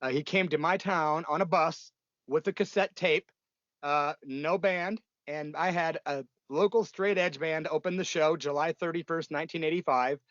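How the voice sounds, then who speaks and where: This man in his fifties talks in a blunt, profane, rambling way, full of fillers and restarts. His voice sits a bit high for a man. The sound is dry and dull, like lo-fi remote audio. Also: steady tone, moderate pace, fairly bright tone, dry recording. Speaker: punk musician guest. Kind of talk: casual interview storytelling.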